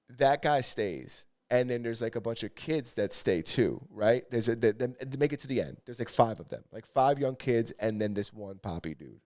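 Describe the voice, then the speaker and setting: A man's voice: lowish voice, a little mellow. A man co-hosting a podcast, telling a long rambling story in casual chat and swearing freely. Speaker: podcast co-host.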